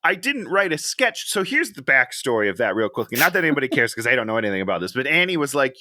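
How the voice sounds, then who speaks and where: Male co-host, casual and self-deprecating, bright tone, dry close sound. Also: on the high side, sing-song, brisk, hardly any pauses, no echo. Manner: rambling storyteller, self-deprecating. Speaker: podcast co-host. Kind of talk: casual chat.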